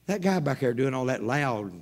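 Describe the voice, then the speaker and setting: A man's voice: mid-range voice, expressive, moderate pace, natural voice. A man preaching who voices a polite, curious female flight attendant in his sermon story.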